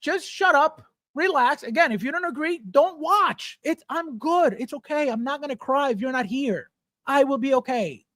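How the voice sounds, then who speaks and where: Man, livestream host, blunt, profane, high-pitched, dry. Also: moderate pace, bright, forceful tone, no echo. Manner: reads viewer chat aloud and answers. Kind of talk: casual livestream rant.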